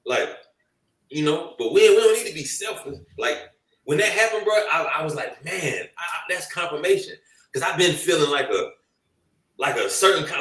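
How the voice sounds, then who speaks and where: Animated young man, roomy off-mic sound. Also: a little high, recorded from a distance. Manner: animated, slangy storytelling with acted-out quotes. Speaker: podcast co-host. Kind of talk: casual group chat.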